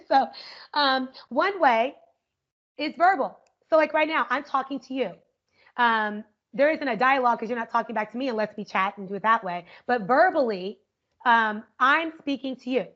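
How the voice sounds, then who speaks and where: A woman educator leading an interactive online workshop, energetic and upbeat, often checking in with "right?", speaking over a video call. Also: on the high side, normal speed. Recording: muffled lo-fi video call audio.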